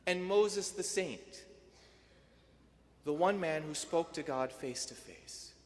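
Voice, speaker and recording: Male priest, sermon, fairly high voice, rhetorical build-ups, long church echo. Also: animated, takes it slowly, slight background noise. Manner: rhetorical, building to emphatic peaks then dropping soft.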